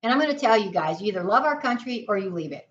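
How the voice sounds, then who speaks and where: A woman's voice: medium pitch, lively intonation, fast, dull audio, slight background noise. Indignant American woman vlogging opinions. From United States. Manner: indignant, emphatic, repetitive rhetorical questions. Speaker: political vlogger. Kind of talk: opinion monologue to camera.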